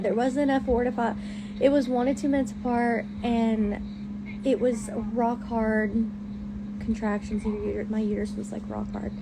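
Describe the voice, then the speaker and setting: A young woman who is pregnant and in hospital talks casually and candidly to her stream viewers, sounding tired and using lots of fillers and restarts. Her voice is fairly high, with a noisy background.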